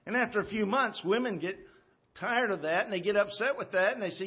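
Husky-voiced man preaching a folksy sermon. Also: high voice, brisk. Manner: folksy, joking, talks to the congregation with frequent "okay?". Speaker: pastor. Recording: muffled church audio recording.

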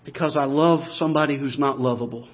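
A pastor preaching a sermon, moving from quiet, low talk up to loud, emphatic, repeated declarations. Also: male voice, a little fast, husky, muffled recording.

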